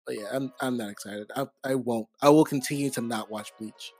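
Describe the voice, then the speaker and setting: A man's voice: medium pitch, a little fast, slightly rough, soft background music. Blunt, foul-mouthed man in casual chat. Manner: profane, blunt, dismissive.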